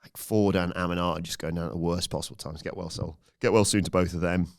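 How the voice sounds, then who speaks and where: Low smooth-voiced man recapping. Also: fairly even intonation. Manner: brisk play-by-play recounting with frequent "uh" fillers. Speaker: podcast co-host. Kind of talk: match recap on a podcast.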